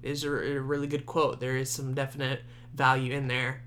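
Bright-voiced young man rambling on a podcast. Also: completely flat delivery, fairly quick, slight background noise. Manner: rambling, laughs often, voice jumps high at times. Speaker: podcast host. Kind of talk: casual solo podcast chat.

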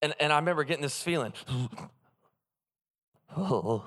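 A man's voice: on the high side, slow. A man preaching a sermon, telling humorous stories and calling out to his congregation. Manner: humorous, animated, calls out to the congregation. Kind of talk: sermon with personal storytelling. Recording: long hall reverb.

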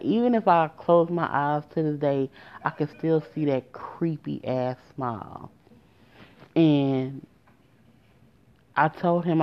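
A young adult woman telling a personal story to her viewers in a casual, emphatic way, cursing and addressing them directly. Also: low voice. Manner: emphatic, profane, talks straight to viewers. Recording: dull lo-fi audio.

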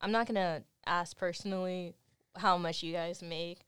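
A woman's voice: fairly low pitch, steady tone, moderate pace, a bit bright, smooth, dry recording. A young woman hosting a casual chat, speaking hesitantly and laughing often. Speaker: host.

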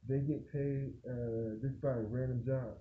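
A man's voice: mid-range voice, steady tone, a little slow. A man chatting casually as a guest, rambling through hesitant explanations. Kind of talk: casual chat. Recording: tinny phone-like line with faint noise.

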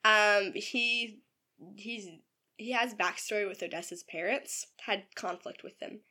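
A woman's voice: medium pitch, unhurried, bright, forceful tone. A young woman in a casual podcast chat about her own novel, talking with many fillers and laughs. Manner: chatty, giggly, filler-heavy. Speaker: podcast co-host and writer.

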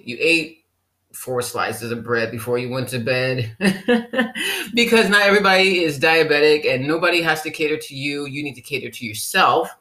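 A bright, clear voice talks right to the camera like a friendly coach. The delivery is animated and teasing, acting out the listener's own excuses with a wink. This is a health vlogger giving a pep talk. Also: mid-range voice. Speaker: health vlogger addressing people with diabetes. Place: living in a German-speaking country.

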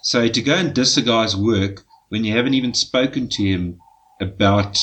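A man co-hosting a relaxed podcast chat. His voice sits low, and he talks bluntly, swearing without a second thought. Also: moderate pace. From South Africa. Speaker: podcast co-host, blacksmith.

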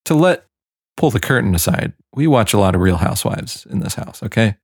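Male podcast co-host, low and lively, casual banter over a video call, dry mic. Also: fairly quick, slightly rough, no echo. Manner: animated, jumps pitch when excited. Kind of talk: casual chat.

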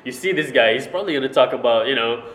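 A man's voice: medium pitch, fast, a bit bright, echoey room, rough recording. A man chatting casually as a podcast host, explaining at length and repeating words as he thinks. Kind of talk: casual chat about stand-up comedy.

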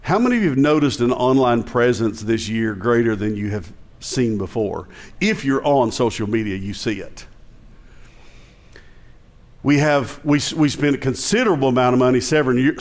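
A man's voice: medium pitch, expressive, moderate pace. A male pastor with a Southern American accent, preaching a conversational sermon with jokes and emphatic rising passages.

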